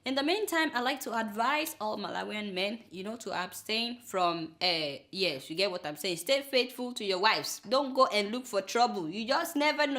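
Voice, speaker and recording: A young Nigerian woman hosting a comic news show, talking to viewers in an animated, exclamatory way with chatty asides. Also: mid-range voice. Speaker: satirical news show host.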